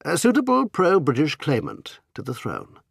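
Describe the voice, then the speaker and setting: A man's voice: on the high side, huge pitch swings, normal speed, gravelly, husky, no room sound, clean studio sound, pitched above the performer's own voice, full character voice. A man reading an audiobook, voicing a confident, cool-headed English adventurer with an assured delivery. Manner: cool, assured, sometimes soothing.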